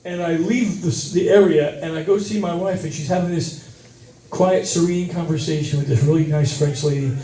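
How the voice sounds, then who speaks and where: A man doing stand-up in a brewery, telling a travel story with plenty of swearing and bursts of yelling. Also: fairly high pitch, normal speed. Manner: profane, animated, yells at the peaks. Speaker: stand-up comedian. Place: brewery stage. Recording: roomy venue sound from a distance.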